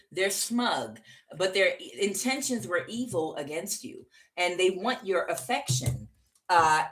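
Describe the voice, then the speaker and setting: A woman's voice: fairly low pitch, bright, forceful tone. A woman giving a casual tarot reading, talking bluntly with many fillers and frequent "okay?" check-ins. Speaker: tarot reader.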